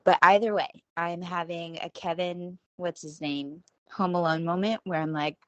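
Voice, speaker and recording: A woman's voice: lowish voice, fairly even intonation, moderate pace, few pauses, a bit bright, dry recording, lo-fi sound. A woman around forty, talking in a rambling, self-deprecating casual monologue as a podcast host, laughing at herself. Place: at home.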